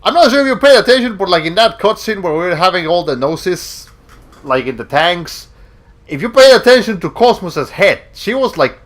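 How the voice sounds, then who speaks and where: A man's voice: on the high side, a bit bright. Rambling, jokey young male streamer. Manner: rambling, jokey, quick asides. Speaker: game streamer. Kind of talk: let's play commentary.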